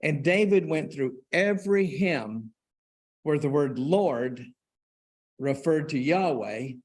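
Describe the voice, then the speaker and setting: A man preaching to a church congregation in an unhurried, conversational way, with restarts and asides to the listeners. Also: a little high, animated. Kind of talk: church class talk on hymns. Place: church auditorium.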